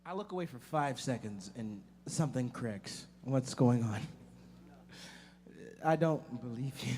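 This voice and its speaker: Lively joking bandleader man on stage. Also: mid-range voice, a little slow, slight background noise. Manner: joking, rambling, chatty with the crowd. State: out of breath. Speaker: blues bandleader and singer. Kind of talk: stage banter between songs. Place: blues club stage.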